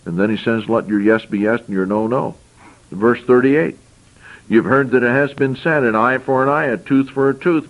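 Man preaching over dull lo-fi radio. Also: medium pitch. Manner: reads scripture aloud and explains it, with repeated phrases. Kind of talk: sermon.

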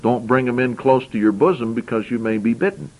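A man's voice: medium pitch, brisk, darkish tone, rough recording. A man preaching a sermon, reading scripture verses aloud and explaining them, with frequent repeated phrases.

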